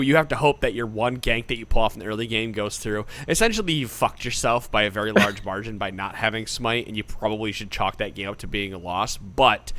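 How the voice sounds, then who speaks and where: A man's voice: on the low side, pushed and bright. A man in his thirties hosting a casual gaming podcast, joking around and swearing casually. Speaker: podcast host.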